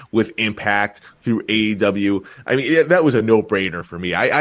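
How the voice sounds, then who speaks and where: A man co-hosting a wrestling podcast, talking in a loose, animated way with lots of fillers and restarts. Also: on the low side. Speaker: podcast co-host. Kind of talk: casual wrestling podcast chat.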